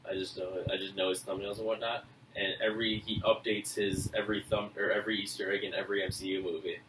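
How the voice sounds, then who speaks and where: A man's voice: sits low, quick pace, far from the mic. Rambling young man on a podcast, echoey room. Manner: rambling, animated, restarts often. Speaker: podcast co-host. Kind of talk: casual chat. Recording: echoey room, off-mic, faint noise.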